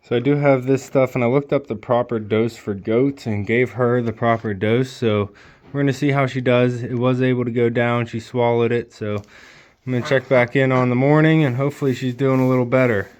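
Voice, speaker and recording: A man vlogging from his homestead, talking softly and worriedly to a sick goat at the pen. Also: medium pitch, steady tone, fairly quick, dry recording. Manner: soft, worried, talks gently to his goats. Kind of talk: casual vlog with animals.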